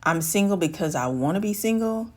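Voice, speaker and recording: A woman's voice: medium pitch, animated, brisk. A woman life coach giving advice straight to camera, talking through an everyday scenario and voicing the people in it. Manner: acts out dialogue, shifting voice for quoted women. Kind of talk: direct-to-camera advice talk.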